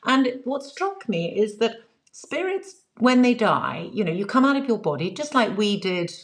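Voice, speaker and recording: A woman's voice: fairly high pitch, big pitch swings, moderate pace. A woman author, a guest in an interview, telling a personal story in an earnest, reflective way with many fillers. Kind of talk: relaxed storytelling in conversation.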